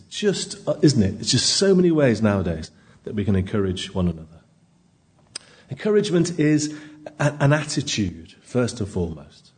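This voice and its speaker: A man's voice: mid-range voice, a little mellow. A man preaching a conversational sermon in a church, asking his congregation frequent rhetorical questions. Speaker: pastor.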